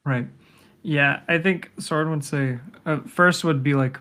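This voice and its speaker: Hedging tabletop player, mid-pitched voice. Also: a little slow, pushed and bright. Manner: thoughtful, hedging, speaks for a character in third person. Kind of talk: casual tabletop role-play.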